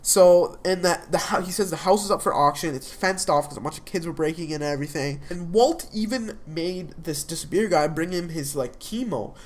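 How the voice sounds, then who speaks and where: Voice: medium pitch, a little fast, hardly any pauses. A young adult speaker recapping a TV episode in a casual, rambling way, full of fillers and restarts. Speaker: TV episode reviewer.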